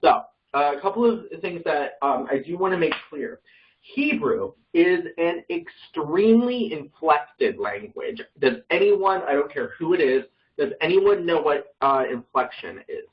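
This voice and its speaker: A man teaches a group over a video call in a somewhat high voice. He explains loosely, full of ums, likes and restarts, and often corrects himself mid-sentence. The sound is a little dull and muffled. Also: big pitch swings, a little slow, distant mic. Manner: hesitant, with many fillers and self-corrections. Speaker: Bible study teacher. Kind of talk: casual online class explanation.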